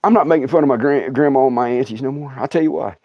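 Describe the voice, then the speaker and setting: A middle-aged man telling stories on a livestream in a casual, animated way, laughing often and acting out other people's voices. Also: medium pitch, fast, no room sound, highs cut off. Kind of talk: casual storytelling.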